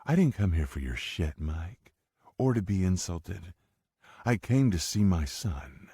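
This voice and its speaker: A man's voice: sits low, very animated, a little slow, warm tone, breathy edge, dry recording, studio quality, voice pushed up, heavily acted. A man voicing a bold, scheming woman who talks in a smug, mocking way, reading an audiobook. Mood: smug taunting. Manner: mocking, taunting.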